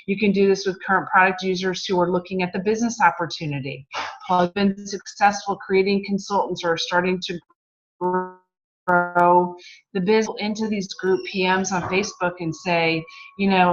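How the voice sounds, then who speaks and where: A woman's voice: lowish voice, steady tone, moderate pace. Upbeat lady coaching her team on a call, muffled lo-fi sound. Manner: upbeat, acts out sample messages. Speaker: team leader on a conference call.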